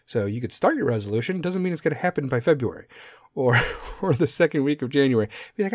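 A man's voice: fairly high pitch, animated, quick pace, a little mellow, no room sound, clean studio sound. A middle-aged man hosting a solo podcast, ranting casually with lots of swearing and wandering off on tangents. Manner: profane, rambling, goes off on tangents. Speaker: podcast host.

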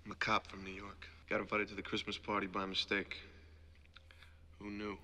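A man's voice: lowish voice, monotone, moderate pace, pushed and bright. An actor playing a defiant, wisecracking male cop with a sardonic, cocky manner. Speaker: cop in a film.

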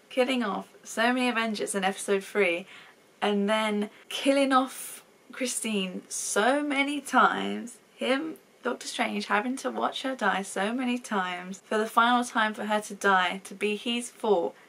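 A woman's voice: mid-range voice, vocal fry, a bit bright. A woman hosting a casual reaction and review video, talking emotionally and exclaiming often. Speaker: reaction channel host.

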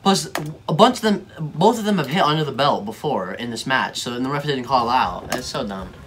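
A man's voice: medium pitch, lively intonation, normal speed, a bit bright, soft background music. A young man giving casual reaction commentary, slangy, mocking and easily exasperated. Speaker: video reactor.

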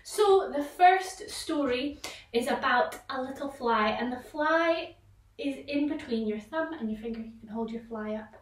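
A woman tutor leading children through an online vocal warm-up, encouraging them and breaking into loud sound-game exclamations. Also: high voice, a little slow, distant mic. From Scotland. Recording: echoey room, voice a little off-mic.

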